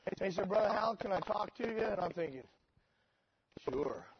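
A middle-aged man preaching a sermon through a story, moving between dry sarcasm and loud emotional peaks. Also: high voice, fast talker, husky. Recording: dull lo-fi sermon recording with noise.

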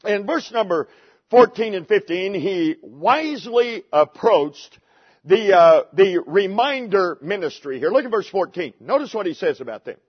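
A man's voice: high voice, animated, a little slow, husky. A man, talking to his congregation and throwing rhetorical questions at them. The recording sounds dull and lo-fi. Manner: conversational preaching with rhetorical questions. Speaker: pastor. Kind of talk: sermon.

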